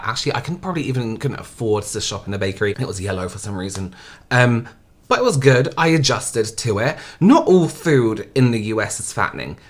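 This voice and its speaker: An English man from England hosting a reaction video, chatting casually and swearing freely. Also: fairly low pitch. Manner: chatty, swears freely, often asks "you know what I mean?".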